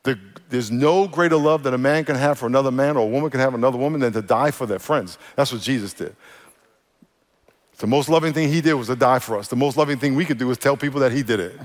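A man's voice: medium pitch, quick pace. A male pastor preaching a sermon with energy and humor, often getting the congregation to repeat words after him. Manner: energetic, joking, leads congregation call-and-response. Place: church auditorium. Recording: long reverb of a church hall.

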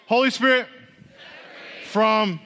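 A man preaching a lively, interactive sermon, playfully teasing the congregation and leading them in repeat-after-me chants. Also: sits high, takes it slowly, creaky, some chatter behind, a little hiss or hum. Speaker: pastor. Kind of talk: interactive sermon with call-and-response. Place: church hall. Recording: long hall reverb.

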